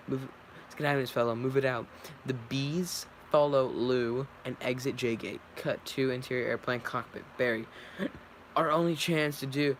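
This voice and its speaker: A man's voice: medium pitch, a bit bright, a little hiss or hum, low-quality recording. A man reading a film script aloud, stage directions and all, often stumbling and correcting himself. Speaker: script reader. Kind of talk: casual read-through of a film script.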